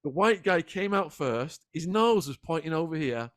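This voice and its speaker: A man guest in a sit-down interview, retelling events in an animated, dramatic way. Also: a little high, normal speed, no echo, clean studio sound. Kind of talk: vivid storytelling in a sit-down interview.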